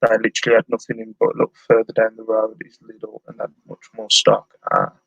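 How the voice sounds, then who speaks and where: A man's voice: fairly low pitch, completely flat delivery, brisk, creaky, a bit bright, husky, no echo, muffled recording. A man chatting casually on a live stream while packing orders at home and humming to himself. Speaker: online reseller streaming live. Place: at home, indoors.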